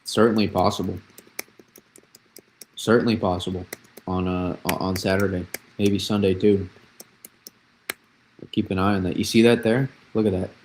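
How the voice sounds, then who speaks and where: A man's voice: deep voice, fairly even intonation, normal speed, long pauses, darkish tone, a little hiss or hum. A young man from New England hosting a live weather stream, rambling through the forecast, repeating himself and answering chat questions as he goes. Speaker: weather livestream host. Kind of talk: casual livestream weather analysis.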